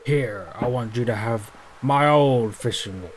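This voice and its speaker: A man voicing an old fisherman with a pirate's past, using hearty, booming sailor talk. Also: measured pace, slight background noise, lightly acted. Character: gruff old male fisherman, ex-pirate type.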